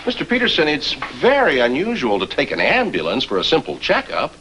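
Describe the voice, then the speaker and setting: An actor playing a dry, matter-of-fact family doctor who slips in deadpan jokes. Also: male voice, on the high side, brisk, a little hiss or hum, exaggerated voice, rough recording. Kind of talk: sitcom acting.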